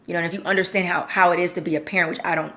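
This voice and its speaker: A woman's voice: fairly even intonation, rapid-fire, fairly bright tone. A young woman telling a personal faith story in casual talk, full of "you know" and acted-out quotes. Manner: conversational, many fillers like "you know"; acts out quoted lines with big pitch jumps. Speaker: Christian vlogger. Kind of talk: casual testimony.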